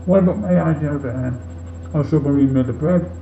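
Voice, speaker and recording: A man's voice: fairly high pitch, a little fast, vocal fry, dark tone. A man playing a tipsy male robot leader in a comic monologue, earnest and rambling off on tangents with many fillers. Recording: muffled, roomy, faint hiss.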